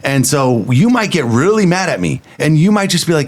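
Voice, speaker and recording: A man's voice: on the high side, sing-song, normal speed. A man co-hosting a podcast with his wife, talking in a casual, emphatic, easygoing way. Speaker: co-host, husband. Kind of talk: casual couple's podcast chat.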